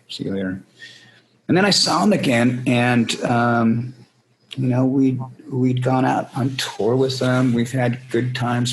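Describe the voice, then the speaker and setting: Low-voiced man telling rambling anecdotes. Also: gravelly, a little hiss or hum, rough recording. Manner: rambling anecdotes, acts out voices in quotes, swears freely. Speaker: band frontman guest. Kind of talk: casual storytelling interview.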